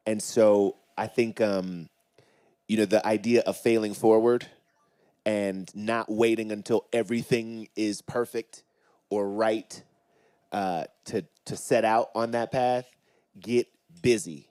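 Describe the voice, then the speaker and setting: A man's voice: on the low side, fairly even intonation, slow pace, dark tone, clean tone. A man on a live panel speaking in an emphatic, rallying, heartfelt way.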